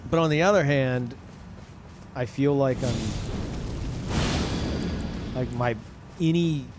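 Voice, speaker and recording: A man's voice: mid-range voice, takes it slowly, music in the background. A man livestreaming, talking casually to his chat in a rambling, swearing way that often restarts sentences. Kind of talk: casual chat to a live audience.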